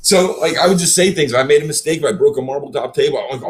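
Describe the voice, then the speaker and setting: A man's voice: mid-range voice, fast talker. A man, a podcast guest telling stories in casual chat and acting out the people he quotes. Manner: animated storyteller, acts out quotes.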